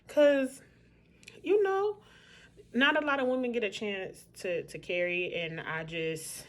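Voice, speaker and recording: A woman's voice: medium pitch, slow pace. A woman vlogging in a casual, candid chat, talking straight to her viewers.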